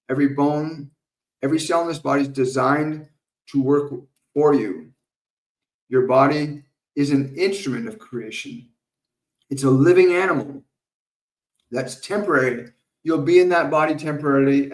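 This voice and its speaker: A man answers viewer questions as a spiritual medium, talking in a calm, measured, repetitive way and now and then laughing softly. His voice carries a roomy echo. He sits some distance from the microphone. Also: medium pitch. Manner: calm, slow, repetitive teaching with soft laughs. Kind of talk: live Q&A stream with guided meditation. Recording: roomy sound, distant from the mic.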